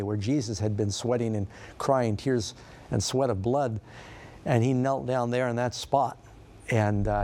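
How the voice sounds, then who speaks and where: A man's voice: medium pitch, mellow. A middle-aged man preaching as a pastor, telling the story conversationally and asking his listeners questions. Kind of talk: sermon.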